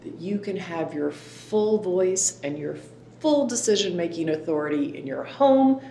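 Earnest female interview guest, low voice, roomy recording. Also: expressive, warm tone. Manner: earnest, reflective, measured. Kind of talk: interview answers. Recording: roomy with faint rumble.

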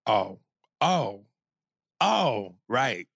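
Gravelly, joking male podcast host. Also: medium pitch, very slow, no room sound. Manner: profane, joking, animated reader. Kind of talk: casual chat, reading listener emails aloud.

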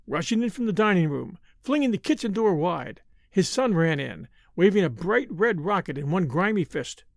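A man reads a story aloud with dramatic expression. His voice sits fairly high with a gravelly texture, and the sound is dry and close. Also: very animated, normal speed, darkish tone, no room sound. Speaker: narrator. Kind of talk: audiobook narration.

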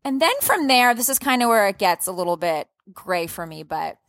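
A woman telling a story in a casual, animated way, swearing freely and swinging her pitch up and down. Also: brisk, no room sound. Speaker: podcast guest.

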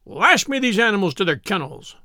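A man's voice: sits high, sing-song, brisk, pushed and bright, no echo, studio quality, full character voice. A man voicing a hard, imperious nobleman who speaks sharply and gives commands, as a character in an audiobook. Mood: cold.

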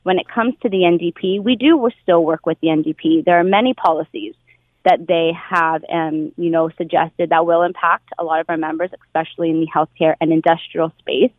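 A woman interviewed on radio as a union public relations director, speaking in a measured, deliberate way. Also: lowish voice, steady tone, no room sound. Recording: tinny dry phone line.

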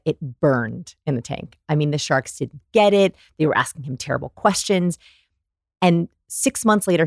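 A woman guest on a podcast, explaining research in an animated, storytelling way and acting out examples. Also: deep voice, vocal fry, dry recording, studio quality. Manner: animated storyteller, demonstrates voices. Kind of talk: conversational explaining.

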